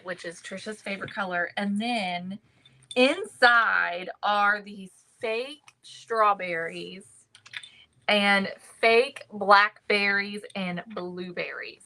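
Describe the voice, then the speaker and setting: Slow, chatty woman. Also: medium pitch, pushed and bright, low-quality recording. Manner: chatty, greets viewers by name, says y'all. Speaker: crafting livestream host. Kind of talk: casual thrift haul chat.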